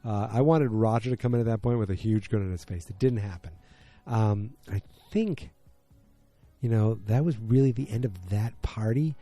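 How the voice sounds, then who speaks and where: A man's voice: on the low side, normal speed, dark tone. A man hosting a podcast from his home basement, recapping an episode casually with lots of fillers and restarts. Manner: rambling, many fillers and restarts. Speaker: podcast host.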